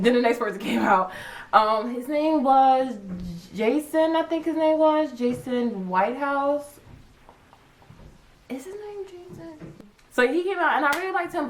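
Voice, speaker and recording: A young woman vlogger chatting casually, acting out her own reactions with big jumps in pitch. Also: low-quality recording. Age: young adult. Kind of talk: casual chat.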